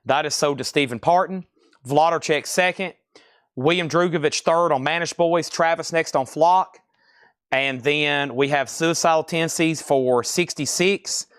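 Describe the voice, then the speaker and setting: A man hosting a live-stream record auction, calling out bids and prices in a loud, projecting voice. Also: fairly high pitch, smooth, dry recording, clean studio sound. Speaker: auction host.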